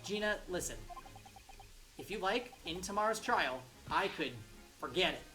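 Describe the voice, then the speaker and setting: An earnest young male lawyer, read by a woman playing through a game. He speaks softly and with concern, a little low in pitch. Quiet music sits behind. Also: lively intonation, moderate pace.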